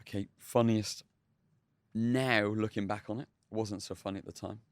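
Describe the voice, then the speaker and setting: A man's voice: fairly low pitch, steady tone, moderate pace, dry recording. A man, a chef telling kitchen stories in a casual interview, chatty with many fillers and restarts. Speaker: chef, podcast guest. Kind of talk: casual storytelling.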